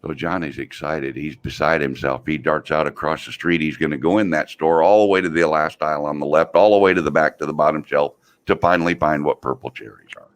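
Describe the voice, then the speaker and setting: A man with a very low voice tells a long joke, taking his time. His phrasing is folksy and drawn out, the way someone talks when chatting with friends. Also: fairly quick, hardly any pauses, smooth. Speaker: host. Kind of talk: casual joke telling.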